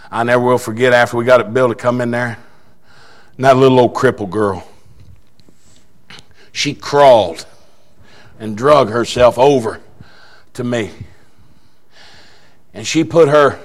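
An older man preaching a sermon, telling a story in a quiet voice that breaks into fervent shouting. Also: mid-range voice.

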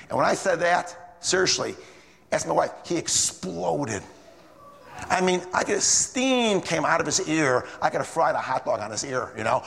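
A man's voice: a little high, animated, normal speed, vocal fry, fairly bright tone. A man preaching a sermon, telling stories animatedly and reading King James verses aloud. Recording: long reverb of a large room.

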